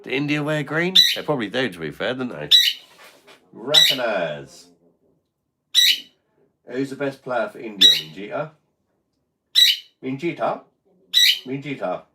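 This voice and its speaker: A man's voice: medium pitch, sing-song, measured pace, long pauses. A man hosting a casual live stream, bantering and swearing at his noisy pet bird while reading chat comments. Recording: loud parrot squawks behind.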